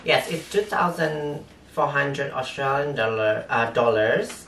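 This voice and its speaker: A man with a non-native English accent, talking through an unboxing haul as a vlogger in halting, hesitant English full of fillers. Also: mid-range voice, fairly even intonation, a bit bright. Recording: roomy echo, distant mic, faint noise.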